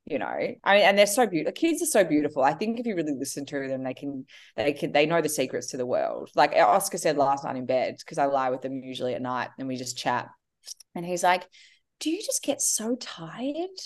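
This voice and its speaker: A woman's voice: very deep voice, animated, fast, few pauses. A woman, chatting as a guest and animatedly acting out her children's voices. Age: 30s. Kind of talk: casual conversation.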